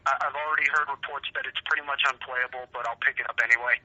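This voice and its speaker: Fast, bright-voiced man swearing through stories. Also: mid-range voice. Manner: animated, profane storytelling. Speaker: podcast co-host. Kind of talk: casual podcast chat. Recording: dull lo-fi podcast audio.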